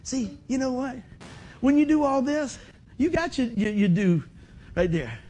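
A middle-aged man preaching a sermon in a folksy, animated way, acting out other people's voices. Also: very high-pitched, a little slow. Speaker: pastor.

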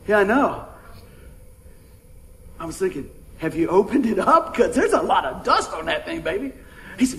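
Speaking at normal speed with frequent pauses, this middle-aged man preaches a sermon in a high-pitched, very animated, fairly bright voice. As pastor, he keeps the tone folksy and conversational, calling out to the congregation, on a rough recording.

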